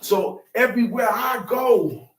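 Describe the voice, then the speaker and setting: Man with a high voice, preaching casually to a group, recorded from off the mic in a roomy space. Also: a little slow, recorded from a distance. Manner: animated, preachy, repeats phrases for emphasis. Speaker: teacher of a religious group. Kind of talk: informal sermon to a congregation.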